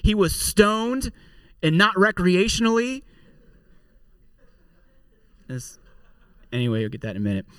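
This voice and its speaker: A pastor delivers a sermon in an easygoing, conversational tone and slips in wry jokes. His voice sits somewhat high for a man. It sounds dry and a bit distant from the mic. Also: big pitch swings, a little slow, pauses often, a bit bright, clean tone, dry recording. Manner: conversational preaching with joking asides.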